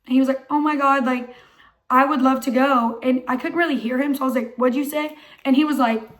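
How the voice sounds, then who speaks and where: Hoarse young woman, high chatty voice. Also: brisk. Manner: excited, chatty, heavy use of "like". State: hoarse, voice not fully recovered. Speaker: vlogger. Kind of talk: casual storytelling vlog.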